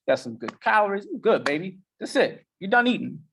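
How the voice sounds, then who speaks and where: A man's voice: high voice, very animated, a little fast, creaky, a bit bright, slight background noise, voice pushed up, full character voice. A man voicing a person's own brain as a laid-back, slangy dude who brags that it is well fed. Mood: satisfied. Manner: slangy, cheerful, boastful.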